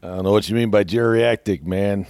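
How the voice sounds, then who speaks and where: A man's voice: lowish voice, steady tone, brisk, darkish tone, clear, resonant tone, dry recording, clean studio sound, lightly acted. A man doing a comic impression of a brash, rambling male football coach who ends almost every phrase with "man". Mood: goofy bravado.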